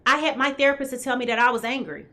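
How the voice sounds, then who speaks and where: A woman's voice: high-pitched, steady tone, rapid-fire, pushed and bright. A woman hosting a live tarot reading who talks straight to her viewers and keeps checking in with "okay?". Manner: talks straight to viewers, greets them by name. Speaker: tarot reader host.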